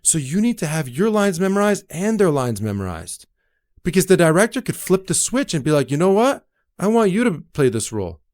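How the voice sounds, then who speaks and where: A young man with a fairly high speaking voice tells stories in a relaxed interview. He slips into other people's voices as he quotes them, and his talk is loose and full of fillers. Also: brisk. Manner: animated, acts out quoted voices, many fillers. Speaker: actor and entrepreneur, guest. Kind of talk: casual interview storytelling.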